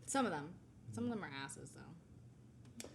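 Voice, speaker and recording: A woman's voice: lowish voice, lively intonation, a little slow, gravelly, slight background noise. Giggly young woman gushing in casual chat. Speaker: podcast co-host.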